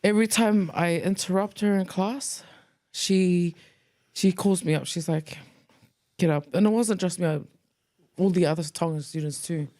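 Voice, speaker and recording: A woman, co-hosting a podcast, telling school stories in a casual, lively way, acting out quoted voices and mixing in Tongan words. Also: lowish voice, moderate pace. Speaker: podcast co-host. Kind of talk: casual storytelling chat.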